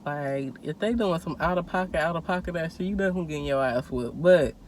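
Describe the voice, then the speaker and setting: A young woman telling a story in casual chat while eating, animated, acting out quotes and laughing often. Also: deep voice, fast talker, a little hiss or hum. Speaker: co-host.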